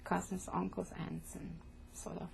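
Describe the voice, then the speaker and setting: An older woman from Poland giving oral history testimony as an interviewee, speaking haltingly and repeating words as she goes. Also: fairly low pitch, flat delivery, background noise. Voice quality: gravelly, husky.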